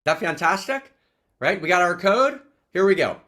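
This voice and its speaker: Brief: male teacher on a video call, lively swooping pitch, exuberant, keeps checking in with his listeners. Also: normal speed. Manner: exuberant, repeats questions, peppers talk with "right?". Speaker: teacher leading an online gathering. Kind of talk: animated spiritual teaching talk.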